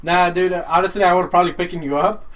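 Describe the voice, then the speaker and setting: High-voiced young man laughing through stories. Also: steady tone, quick pace, fairly bright tone. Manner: laid-back, laughs often, many fillers. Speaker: podcast regular. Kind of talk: casual chat among friends.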